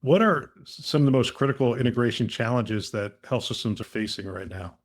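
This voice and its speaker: A male podcast host chatting casually with his guests, thinking aloud as he goes. His voice sits at a middle pitch, relaxed and conversational, with plenty of small asides. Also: brisk. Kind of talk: casual interview chat.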